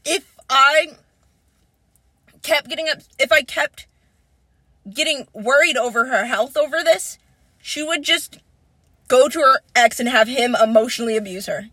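A young woman in casual chat, telling a story with strong emotion, swearing freely and rising into near-crying shouts. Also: sits high, unhurried, pauses often, husky, dry recording, rough recording.

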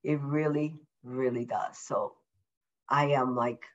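A woman as a podcast guest, talking in an effusive, upbeat way, repeating words for emphasis and deliberately slowing her speech. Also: rumbling low, fairly even intonation, dull audio. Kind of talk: casual interview chat. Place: at home.

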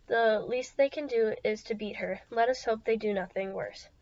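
A woman reading aloud gives voice to a kindly, worried schoolteacher who speaks earnestly and with regret. The voice is fairly high. The sound is lo-fi. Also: moderate pace, a little mellow, no echo, close to an everyday voice. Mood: regretful.

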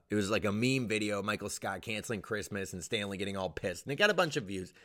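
Ranting young man, swings up and down. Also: medium pitch. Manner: swearing, animated ranting with sudden loud peaks. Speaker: stand-up comedian. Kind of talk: profane ranting vlog.

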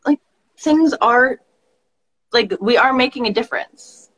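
A woman's voice: on the high side, measured pace, fairly bright tone, poor audio. A woman hosting a casual talk show, supportive and reassuring toward her guest. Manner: supportive, reassuring, agreeing often. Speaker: podcast host. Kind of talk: casual chat.

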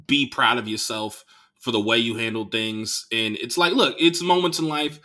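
A young adult man from the Bay Area hosting a podcast, telling a loose, profane, animated story in a casual monologue. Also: medium pitch, moderate pace. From Bay Area, California. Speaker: podcast host.

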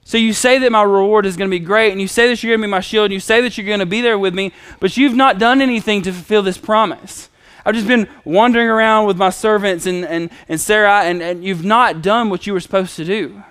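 A man voicing a frustrated aging patriarch who complains urgently and loudly to God. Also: sits high, animated, takes it slowly, long pauses, dry recording.

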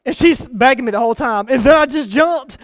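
High-voiced animated male preacher. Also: fairly quick, dry recording. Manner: animated, rambling storyteller with rising excited bursts. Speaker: pastor. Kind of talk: sermon with personal storytelling.

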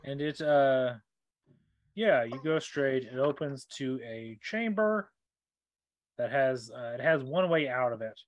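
A man narrating as game master, describing scenes in an unhurried way with lots of fillers. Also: mid-range voice, no echo.

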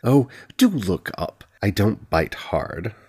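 A man voicing a posh, smirking, predatory male curate with a drawn-out polite tone. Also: low-pitched, very animated, breathy edge, heavily acted. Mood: teasing.

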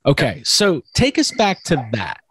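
A man's voice: fairly high pitch, huge pitch swings, unhurried, noisy background. A young man hosting a podcast interview, asking enthusiastic, rambling questions with lots of restarts. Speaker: podcast host interviewing an actor. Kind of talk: casual interview chat.

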